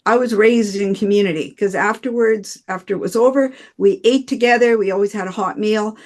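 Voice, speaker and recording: Woman group member on a video call, rambling, mid-pitched. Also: a little fast. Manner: warm, rambling storytelling. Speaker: church study group member.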